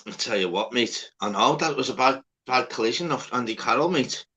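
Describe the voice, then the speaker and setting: A man's voice: mid-range voice, expressive, a little fast, sharp tone, husky. A man hosting a livestream, chatting casually, swearing and laughing, calling everyone "lad" and "mate". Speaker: livestream host. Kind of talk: casual chat.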